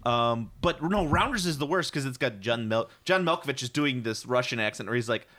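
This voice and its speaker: A man's voice: mid-range voice, animated, fairly quick, hardly any pauses, a bit bright. A man in casual podcast chat, ranting with lots of swearing and acting out quotes in silly voices. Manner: profane, ranting, acts out quotes in funny voices.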